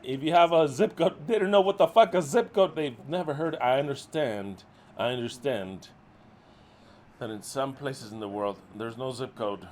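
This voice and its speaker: A middle-aged man leading a ministry, scolding his followers in a profane, exasperated way, swinging from loud outbursts to low muttering. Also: moderate pace, slight background noise. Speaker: ministry leader.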